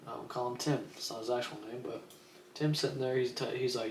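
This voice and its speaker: Young dude streaming, rambly casual storytelling, cusses a lot, roomy echo, faint hum behind. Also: male voice, mid-range voice, steady tone, fairly quick. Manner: rambling, laid-back, swears freely, acts out quotes. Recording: echoey room with faint ambient noise.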